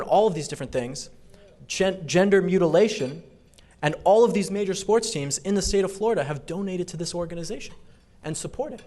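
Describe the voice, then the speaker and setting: A man delivering an emphatic fundraiser speech. His voice sits a little high, and he repeats his points for force. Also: a little mellow. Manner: emphatic, repetitive. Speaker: political speaker.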